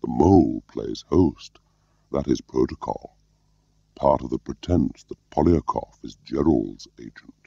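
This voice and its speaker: A man voicing a quiet, careful older male spymaster who talks in a restrained murmur, in a muffled recording. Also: rumbling low, expressive, a little slow, vocal fry, husky, dry recording, heavily acted.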